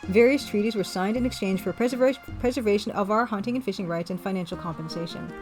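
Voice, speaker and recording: Calm thoughtful man for a story game, measured and wry, read lightly by a woman. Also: mid-range voice, faint music behind, natural voice. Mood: earnest.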